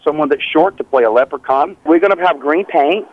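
A man's voice: fairly high pitch, a little fast, phone-quality sound. A man hosting a radio prank bit, playful and teasing, often breaking into laughs.

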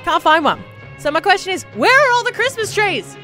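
A woman co-hosting breakfast radio, expressive and playfully melodramatic about small troubles. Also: very high-pitched, fairly quick, faint music behind. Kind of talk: casual radio banter. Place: radio studio. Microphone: studio mic.

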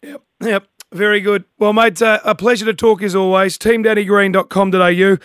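Australian male breakfast radio host, brisk matey chat, fairly high voice, dry studio sound. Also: level tone, a bit bright, clear, resonant tone, dry recording.

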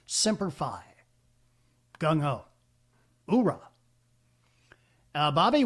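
An older man hosting a talk radio call-in show in a folksy, halting manner, full of fillers and restarts. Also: a little high. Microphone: studio microphone.

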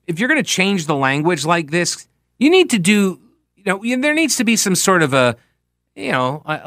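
A man's voice: high-pitched, sharp tone, dry recording, studio quality. A man hosting a talk radio show, giving opinionated political commentary in a sarcastic tone, full of rhetorical questions.

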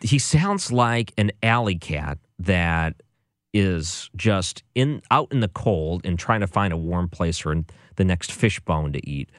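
Deep-voiced sarcastic male host. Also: expressive, takes it slowly, soft background music. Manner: sarcastic, exasperated. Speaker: radio or podcast host. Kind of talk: casual music commentary.

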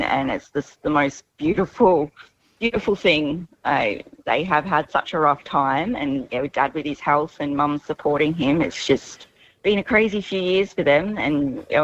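A woman with a gushing, laughing manner, chatting excitedly on the radio as the older sister of a contestant. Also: deep voice, highs cut off.

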